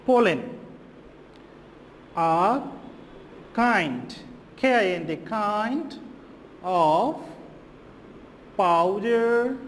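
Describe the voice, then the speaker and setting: A male teacher with a Bangladeshi accent giving a slow classroom lesson, spelling words letter by letter and repeating them. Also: sits high, expressive, a bit bright, long reverb tail, a little hiss or hum.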